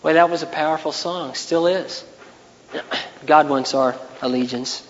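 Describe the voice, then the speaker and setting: A man preaching a sermon in an earnest way, now and then rising into loud, raised passages. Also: on the high side, unhurried, big-room sound, lo-fi sound, a little hiss or hum. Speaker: pastor.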